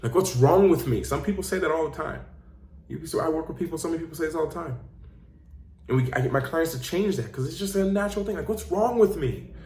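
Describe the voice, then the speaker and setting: A man's voice: a little high, quick pace, a little mellow, a little hiss or hum. Earnest motivational man in an echoey room. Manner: earnest, emphatic storytelling with repetition. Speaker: life coach and channel host. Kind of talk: motivational talk. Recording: roomy echo.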